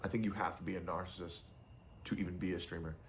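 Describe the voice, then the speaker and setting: A man's voice: sits low, flat delivery, quick pace, slight background noise. A young adult man streamer giving casual, blunt and profane commentary.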